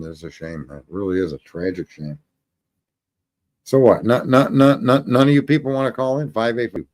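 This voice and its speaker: A man hosting a call-in livestream, telling stories in a rambling, profane, casual way and laughing at his own jokes. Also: mid-range voice. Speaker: call-in show host.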